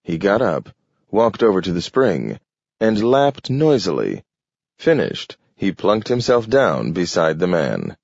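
A man reads an audiobook in a slow, measured, deliberate way, with a slightly low voice that rises and falls a lot. The recording is dull and lo-fi and completely dry. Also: huge pitch swings, vocal fry, darkish tone, no room sound. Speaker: audiobook narrator. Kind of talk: scripted audiobook narration.

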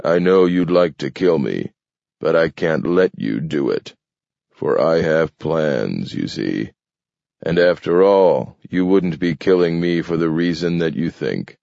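A man playing a calm, menacing strongman who speaks slowly and taunts coolly. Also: rumbling low, gravelly, no room sound, highs cut off, full character voice. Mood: taunting. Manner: slow, cool, taunting.

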